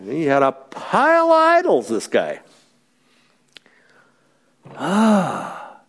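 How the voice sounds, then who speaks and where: A man's voice: fairly high pitch, wildly swooping pitch, extremely slow, breathy edge. A middle-aged man as a pastor, teaching a Bible study in a conversational, joking way and asking the group questions.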